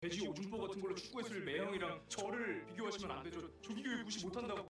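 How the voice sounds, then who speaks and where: A man's voice: high voice, very fast, fairly bright tone, echoey room, soft background music. An actor in a television drama playing a cocky young man from a rich family who makes smug, boastful excuses.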